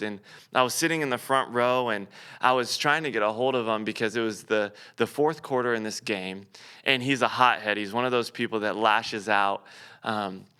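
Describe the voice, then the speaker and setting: Young guy pastor doing a devotional, bright clear voice, earnest, goes soft and quiet on the big points. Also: lowish voice. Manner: earnest storytelling, slowing and softening toward quiet emphasis. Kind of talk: devotional sermon.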